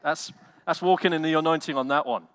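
A male pastor preaching a sermon with animated delivery, swinging from loud bursts to quiet, low lines and acting out quotes. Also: a little fast, clear, resonant tone, no room sound. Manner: animated preaching with acted-out quotes, loud swells and soft drops.

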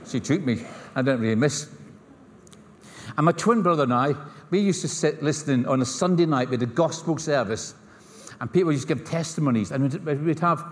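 A man's voice: fairly high pitch, animated, fairly quick. A middle-aged man from Scotland with a Scottish accent, preaching a sermon and telling stories with humorous asides and acted-out dialogue. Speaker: pastor. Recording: long hall reverb.

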